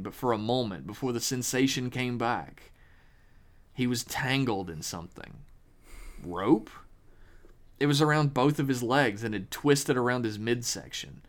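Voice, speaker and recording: Man narrating a horror tale. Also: medium pitch. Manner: dramatic, measured storytelling with pauses. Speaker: podcast host and storyteller. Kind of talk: reading a horror story aloud.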